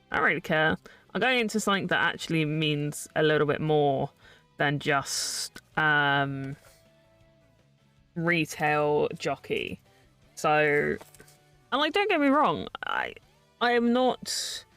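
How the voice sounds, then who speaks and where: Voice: mid-range voice, a bit bright, smooth, dry recording, distant mic. A young adult streamer chatting casually and ranting sarcastically while building, laughing often.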